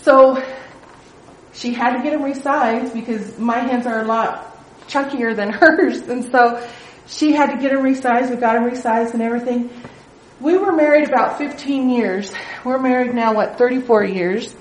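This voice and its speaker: A woman's voice: fairly high pitch, moderate pace. A middle-aged woman leading a Bible study, telling a personal testimony in an earnest, conversational way. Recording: echoey room.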